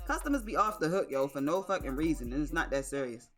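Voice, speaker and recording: A young woman streamer spins a story in casual chat, loud with curses and exclamations. Her pitch swings widely from line to line. Her tone is bright and sharp, with faint music playing behind her. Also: fast talker. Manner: animated, profane, exclamatory storyteller. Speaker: livestreamer.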